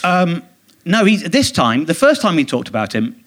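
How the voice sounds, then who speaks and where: A man's voice: a little high, huge pitch swings, fairly bright tone. Indignant male comedian telling a story. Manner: rambling, indignant storytelling with quick mimicked quotes. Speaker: comedian guest. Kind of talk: casual anecdote in a live podcast interview. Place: theatre stage.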